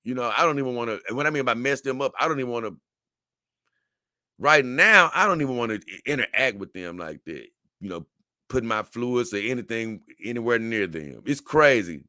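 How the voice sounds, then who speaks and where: A man's voice: mid-range voice, animated, fairly quick, pushed and bright, no echo, clean studio sound. A middle-aged man hosting a casual talk show, answering viewer comments in a rambling way and often stammering as he restarts his words. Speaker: show host.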